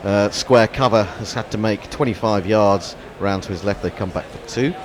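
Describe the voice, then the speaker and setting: A man's voice: fairly low pitch, moderate pace. A man commenting ball by ball on a cricket match, with wry, chatty banter between deliveries.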